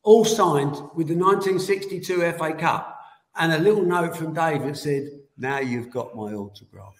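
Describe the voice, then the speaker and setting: A man in his seventies, a guest telling animated anecdotes and laughing through them. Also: fairly high pitch, moderate pace. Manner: animated, laughs as he tells the story. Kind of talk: anecdotal storytelling. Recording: roomy echoey room.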